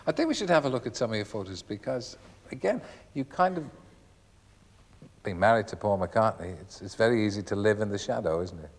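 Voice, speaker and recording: A man's voice: fairly low pitch, animated, brisk. A man hosting a television chat show, interviewing guests with wry, teasing banter. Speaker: talk show host. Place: television studio. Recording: studio reverb with audience.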